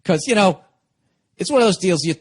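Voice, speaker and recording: Middle-aged man, comedian host, slightly high voice, casual profane rambling monologue. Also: fairly quick, breathy edge. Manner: profane, rambling, animated storyteller.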